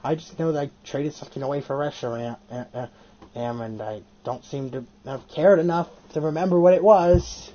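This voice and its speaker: A video host telling stories in an excitable casual chat, swearing often. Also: mid-range voice, normal speed, lo-fi sound. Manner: animated, excitable storytelling with frequent swearing.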